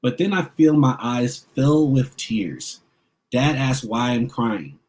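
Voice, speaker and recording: A man's voice: mid-range voice, animated, slow, a little mellow. A children's book author reading his picture book aloud, narrating expressively in the first person.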